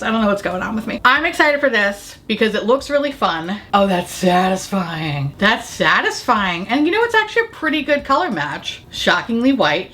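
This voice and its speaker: A woman chatting through a casual makeup try-on, swearing freely and laughing often, her voice a bit rough from allergies. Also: mid-range voice, a bit bright. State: allergies affecting the voice. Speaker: beauty vlogger.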